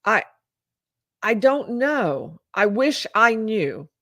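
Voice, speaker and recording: A woman reading a confused, detached husband, slow and halting and unsure of himself. Her own voice is kept mostly as it is, dry and close. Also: fairly high pitch, very animated, fairly bright tone, no echo, full character voice. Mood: uncertain.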